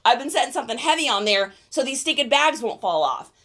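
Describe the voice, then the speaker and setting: A young adult woman hosting a casual livestream, chatty and excitable, laughing often. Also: a little high, quick pace. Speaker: reseller livestream host.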